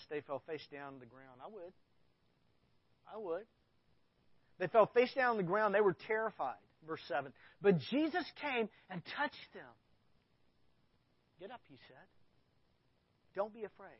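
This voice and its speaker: A man's voice: high-pitched, expressive, unhurried, long pauses, no echo, dull audio. A man preaching a sermon as a pastor, talking casually and reading scripture aloud with rising emphasis. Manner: conversational, reads scripture with emphasis.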